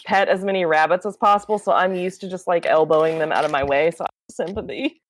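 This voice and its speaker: A woman's voice: fairly low pitch, quick pace. Woman joking as a tabletop player. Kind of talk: tabletop game banter.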